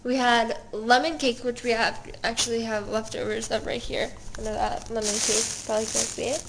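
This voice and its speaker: A woman's voice: a little high, little pitch movement, a little fast, gravelly, heavy background noise. Chatty young woman vlogging at home. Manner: chatty, giggly, lots of fillers. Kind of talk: casual vlog chat. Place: family home.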